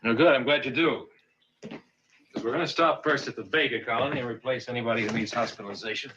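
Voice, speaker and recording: A man's voice: medium pitch, steady tone, fast, bright, forceful tone, muffled recording, natural voice. An actor playing a weary male starship captain in a 1960s TV drama, clipped and tired, burdened by command. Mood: brisk. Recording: old TV clip with faint noise.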